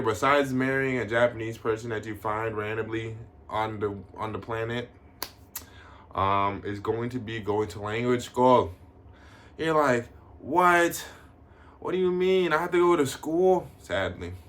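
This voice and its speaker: A man's voice: fairly low pitch, fairly bright tone. A young man from the United States who lives in Tokyo, talking casually to his viewers in a loose, slangy way, with plenty of swearing and fillers like "you know what I mean.". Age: young adult. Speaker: vlogger. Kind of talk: casual vlog talk to camera.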